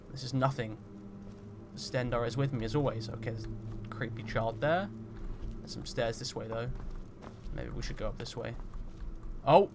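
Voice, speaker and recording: A man hosting a game roleplay, talking through it in a chatty, jokey way and getting loud and jumpy when startled. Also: medium pitch, a little hiss or hum. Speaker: gaming roleplay host. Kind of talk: roleplay let's-play commentary.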